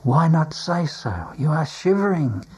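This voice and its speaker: Man doing a devoted young disciple, raised pitch, hushed, husky, urgent. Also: sing-song, a little slow, heavily acted. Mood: hushed worried. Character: anxious young male disciple, devoted and watchful.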